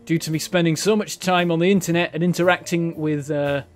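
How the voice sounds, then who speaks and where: A man's voice: a little high, steady tone, brisk, soft background music. A man from northern England streaming a game live, thinking aloud, answering chat and breaking into frustrated exclamations. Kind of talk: live-stream gameplay commentary.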